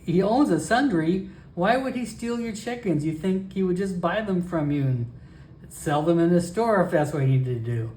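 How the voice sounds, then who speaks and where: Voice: medium pitch, expressive, moderate pace, a little mellow, slight background noise, pitched above the performer's own voice, lightly acted. A solo role-player voicing a polite, earnest male goblin traveler who stammers and hesitates, recorded in an echoey room.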